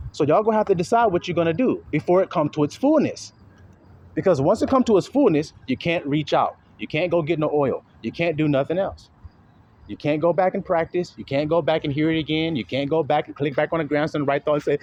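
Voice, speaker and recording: A man's voice: fairly high pitch, fairly quick, darkish tone, muffled recording, slight background noise. A man preaching outdoors in a confrontational, profane way, firing rhetorical questions while walking. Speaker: self-styled religious teacher. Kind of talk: street preaching monologue.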